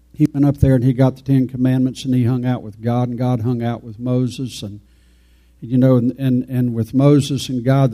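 A man preaches in a loose, homespun way, wandering through his points and chatting with the people in the pews. His voice sits at an ordinary pitch with a dark, mellow tone. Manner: folksy, rambling, talks to the congregation. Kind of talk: informal folksy sermon.

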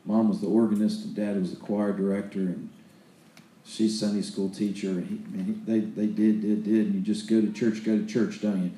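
A man preaches a sermon with homespun stories, often stumbling and restarting his sentences. His voice is low and mellow. The sound rings in an echoey room. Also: little pitch movement, moderate pace. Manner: folksy storytelling with repeated restarts.

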